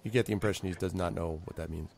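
A man's voice: deep voice, fairly even intonation, racing, vocal fry, darkish tone. A man working as game master, narrating a tabletop game in a rambling, playful way. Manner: rambling with many fillers and restarts, playful.

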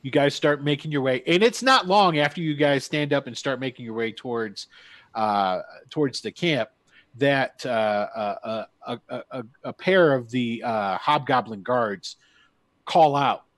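A man acting as game master for a tabletop game, narrating scenes haltingly with lots of fillers and restarts. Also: medium pitch, a bit bright, no echo.

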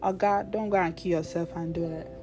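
A woman's voice: on the low side, fairly even intonation, brisk. A young woman, hosting a show and ranting bluntly and animatedly in slangy casual talk. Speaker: show host. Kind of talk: casual rant to viewers.

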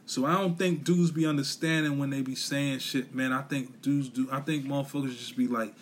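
A man's voice: medium pitch, fairly even intonation, brisk, few pauses, slight background noise. A man on a podcast giving a blunt, profane, repetitive motivational rant, full of slang. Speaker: podcast host.

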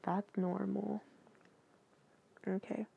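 A woman's voice: mid-range voice, level tone, very slow, gravelly, narrow, tinny audio, slight background noise. A woman hosting a casual copypasta reading, talking hesitantly with many fillers and asides.

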